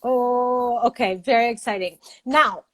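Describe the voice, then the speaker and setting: A woman's voice: a little high, a little slow. A woman hosting a show, asking interview questions in a friendly, conversational way. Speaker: radio show host.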